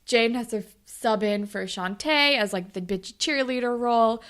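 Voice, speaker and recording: A young woman co-hosting a chatty podcast, retelling scenes with lively, exaggerated character voices. Her voice is bright and a touch high. She talks loosely, full of "like" and quick asides. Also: clean tone. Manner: animated retelling, acts out characters' lines. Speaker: podcast co-host. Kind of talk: casual recap chat.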